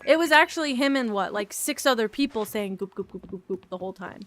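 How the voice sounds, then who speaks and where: A woman's voice: a little high, expressive, brisk, fairly bright tone, faint music behind. A young woman chatting casually while playing a game, rambling and repeating silly words. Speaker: gaming vlogger. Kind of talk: casual chat while gaming.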